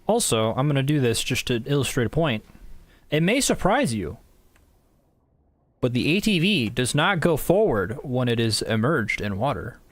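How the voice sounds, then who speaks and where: A man's voice: medium pitch, sing-song, normal speed, no echo. A man giving casual, rambling let's-play commentary with wry, self-mocking jokes. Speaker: gaming YouTuber.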